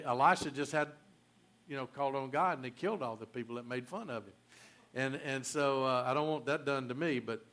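A man's voice: a little high, fairly bright tone. Folksy man preaching a sermon. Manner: folksy, joking asides, many restarts. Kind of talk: casual sermon storytelling.

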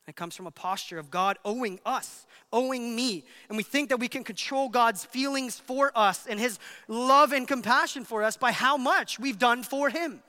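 Bright-voiced preaching man in a hall. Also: sits high, moderate pace. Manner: emphatic preaching, swings between loud and hushed. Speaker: pastor. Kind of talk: sermon.

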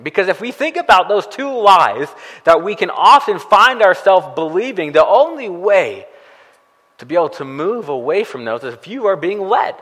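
Male pastor, a little high-voiced, conversational sermon with lots of rhetorical questions, long hall reverb. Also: a bit bright. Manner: conversational preaching with frequent rhetorical questions and "right?".

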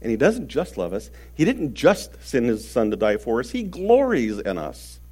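A male preacher delivers a sermon in an earnest, emphatic way. His voice sits at an ordinary middle pitch. He swings between loud stressed phrases and quiet ones, and sometimes repeats a word as he goes. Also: big pitch swings, normal speed, husky.

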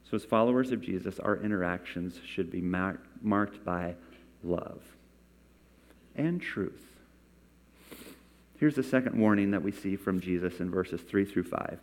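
Pastor preaching in a reverberant hall. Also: male voice, lowish voice, unhurried, long pauses, a little mellow. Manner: conversational, coaxing volunteers. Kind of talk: sermon with scripture reading. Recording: long reverb from a large hall.

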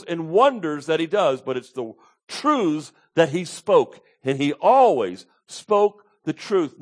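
Emphatic pastor preaching, a man. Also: a little high. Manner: emphatic, repeats key points, asks the congregation to answer. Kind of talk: sermon.

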